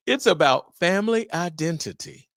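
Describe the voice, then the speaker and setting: A middle-aged man hosting a solo podcast on fatherhood, talking in an animated, preacher-like way with exclamations. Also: high-pitched, gravelly, no echo, clean studio sound. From Memphis area, US. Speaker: podcast host.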